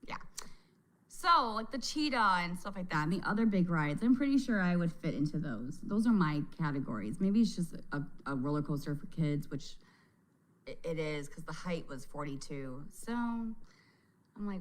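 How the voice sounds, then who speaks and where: A woman's voice: on the low side, expressive, moderate pace, low-quality recording. A woman hosting a casual reaction chat, a mother who laughs a lot and exclaims often as she talks. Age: adult mother. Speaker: reaction video host.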